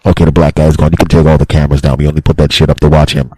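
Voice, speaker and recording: A man voicing a smug store worker who secretly spies on customers, in a low, conspiratorial tone. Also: level tone, racing, dark tone, breathy edge, dry recording.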